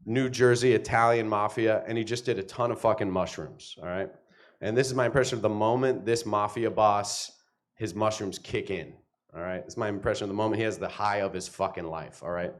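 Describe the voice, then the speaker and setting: On a club stage, a man with a fairly low, brisk voice performs stand-up comedy. His storytelling is profane and animated, packed with swearing and acted-out quotes.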